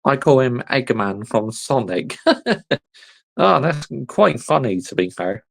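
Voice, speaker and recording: A man's voice: medium pitch, expressive, takes it slowly, creaky, a bit bright, poor audio. A young man hosting a casual livestream, reading the live chat and ranting bluntly in an exasperated way. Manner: exasperated, blunt, repeats "honestly" and "mate".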